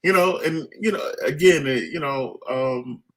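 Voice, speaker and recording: A man in a casual chat, talking in an animated, halting way with many restarts. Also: a little high.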